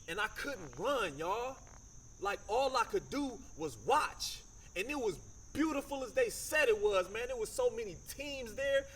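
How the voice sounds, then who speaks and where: A man with a fairly high, light voice gives a motivational talk, telling his own story in a loose, conversational way. He is from Michigan and talks in slang. Faint crickets chirp behind him. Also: fairly bright tone, a little hiss or hum. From Michigan, USA. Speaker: motivational speaker.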